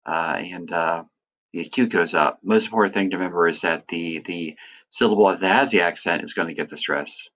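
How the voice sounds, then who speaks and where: A man teaching a lesson, talking through examples in a relaxed, explaining way with lots of "uh" and "right". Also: sits low, fairly quick, lo-fi sound. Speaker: Greek teacher. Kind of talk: recorded lecture.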